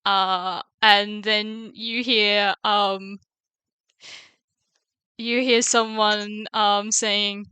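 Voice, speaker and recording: Slow, bright-voiced woman game master. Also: medium pitch, little pitch movement, smooth, dry recording. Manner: hesitant, many ums, laughs often. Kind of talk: narrating a tabletop game over voice chat.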